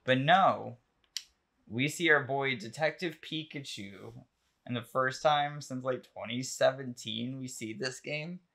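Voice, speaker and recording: A man hosting a casual podcast chat, rambling with lots of ums and likes as he gets excited about new releases. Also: mid-range voice, measured pace, vocal fry. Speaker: podcast host.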